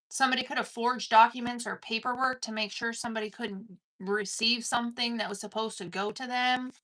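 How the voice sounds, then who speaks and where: A woman's voice: a little high, fairly bright tone. A woman giving an intense collective tarot reading, swearing casually and calling the listener "dude". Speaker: tarot card reader.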